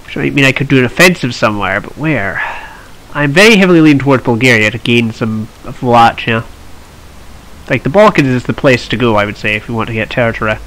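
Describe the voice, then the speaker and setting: A man's voice: medium pitch, animated, quick pace, fairly bright tone, poor audio. A man hosting a strategy game let's play, chatting and thinking aloud with wry asides. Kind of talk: strategy gameplay commentary.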